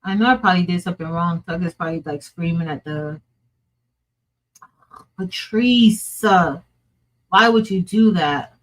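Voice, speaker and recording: On a low-quality recording, a woman with a lowish voice hosts a crafting livestream at a measured pace, pausing often. She chats casually, mutters to herself while working, and laughs frequently in this think-aloud stream.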